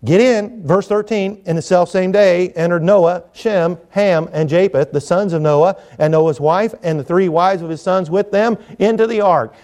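A middle-aged man preaches a sermon with a slightly high-pitched voice. He tells it in a folksy, joking manner, pressing hard on some lines and dropping to quiet asides on others. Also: moderate pace, hardly any pauses. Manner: folksy, jokey, swings between loud emphasis and quiet asides.

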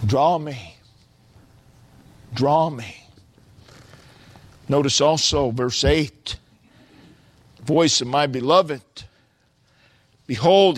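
A male preacher delivers a sermon at an unhurried, deliberate pace. His voice sits a little high for a man. He quotes scripture and swells into loud, stretched-out exclamations.

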